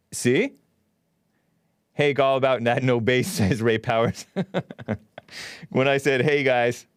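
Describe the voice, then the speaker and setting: A man's voice: medium pitch, clean tone, no room sound, clean studio sound. A man hosting a live-streamed talk show, chatting casually and reading viewer comments aloud. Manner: animated, reads chat comments aloud with laughs.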